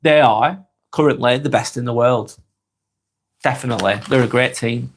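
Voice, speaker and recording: A man's voice: medium pitch, normal speed, a little hiss or hum. Lancashire guy on a chill live stream, musing over comments, repeats himself a lot. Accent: Lancashire English. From northwest England. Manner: calm, musing, repeats words and restarts often.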